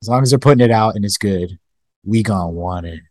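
Young male co-host, mid pitch, dry close sound, rambling casual talk with lots of "like". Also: quick pace, a little mellow, dry recording. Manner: loose and rambling, heavy use of "like". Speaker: podcast co-host. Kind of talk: casual gaming podcast chat.

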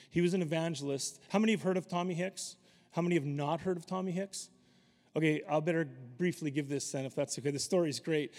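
A man's voice: a little high, a little mellow, in a large hall. A man preaching to a congregation, telling a story animatedly and acting out the voices of the people in it. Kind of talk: sermon storytelling.

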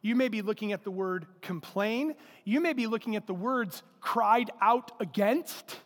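The voice here sits high and a bit bright, moving at a measured pace as a male pastor delivers his sermon. It's emphatic yet conversational, full of repeated lines and rhetorical questions, recorded during a church service in a large hall with long reverb.

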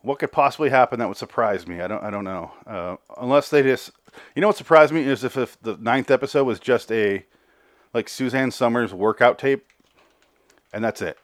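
Speaking at a moderate pace with a medium-pitched voice, a man hosts a podcast and casually recaps and reviews a TV episode. He's out of breath, cursing and rambling, and doubles words as he restarts. It's clean studio audio without echo.

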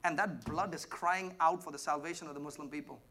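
High, bright-voiced preaching man. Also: fairly even intonation, a little fast, a little hiss or hum. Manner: emphatic, swings between shouting and hushed asides; asks the congregation questions. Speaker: pastor. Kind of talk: sermon.

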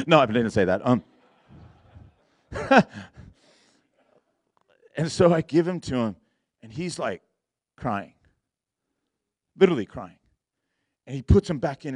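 A man's voice: medium pitch, animated, measured pace, pauses often, darkish tone, no room sound, clean studio sound. A young man telling a personal story in a sermon, casual and slangy, laughing often and acting out his own lines. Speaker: preacher.

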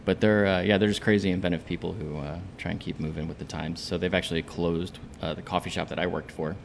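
A man's voice: low-pitched, fairly even intonation, quick pace, creaky, slight background noise. A man chatting casually as a guest, talking in a rambling way with many fillers and hesitations. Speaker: coffee shop guest. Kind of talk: casual chat.

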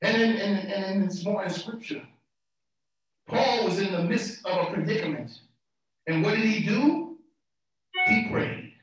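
A man preaching a sermon as pastor, fervent, swinging from soft talk to shouts and repeating words for emphasis. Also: high-pitched, a little slow, pauses often, heavy reverb, distant mic, soft background music, low-quality recording.

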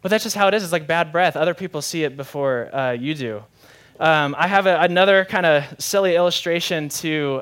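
A man's voice: on the high side, fairly bright tone, clean tone. A young adult man, a pastor preaching a sermon in a conversational, candid way with self-deprecating humor.

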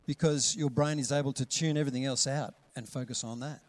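A middle-aged man, preaching a lively sermon and acting out voices with sudden loud calls. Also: mid-range voice, brisk, dry recording. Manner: animated, acts out voices with big loud calls. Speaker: pastor.

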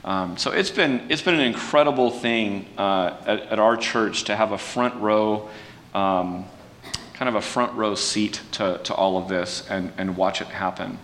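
A man preaching in a relaxed, conversational way, folksy and self-deprecating, with restarts and fillers. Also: unhurried. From California. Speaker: pastor. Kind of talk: conversational sermon talk. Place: church sanctuary. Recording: distant mic with long hall reverb and faint rumble.

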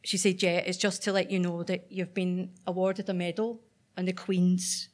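A woman's voice: lowish voice, level tone, normal speed. A Northern Irish woman telling a true personal story on stage at a live event, chatty and self-deprecating with frequent ums.

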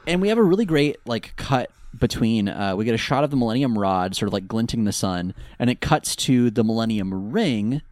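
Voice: medium pitch, expressive, a little fast, hardly any pauses, a little mellow, dry recording. A podcast co-host giving wry, joking commentary while recapping an episode. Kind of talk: casual recap chat.

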